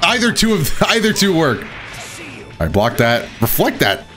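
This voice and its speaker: A young man giving excitable live commentary on his own fighting game matches, talking to himself and laughing at his own mistakes. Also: on the high side, normal speed, faint music behind. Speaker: gaming commentator.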